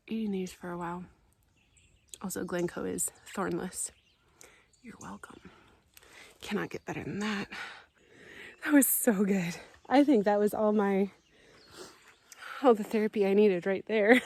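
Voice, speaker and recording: A woman giving a casual tour of her home garden, gushing with excitement and often dropping to a soft whisper. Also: medium pitch, a little slow, gravelly, pauses often, dry recording. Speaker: homestead vlogger.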